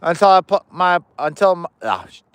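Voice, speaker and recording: A man with a high, animated voice chats casually on a livestream as he walks home outdoors, rambling, joking and swearing freely. He talks at normal speed in a fairly bright, clear, resonant tone with no echo, recorded on a chest-mounted POV camera.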